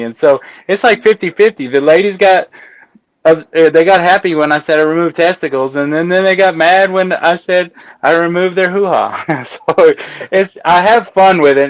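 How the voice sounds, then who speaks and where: A man telling stories as a guest in a casual interview, animated and laughing as he talks. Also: a little high, clear, resonant tone, no room sound. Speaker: guest, autopsy technician. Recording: dull lo-fi sound.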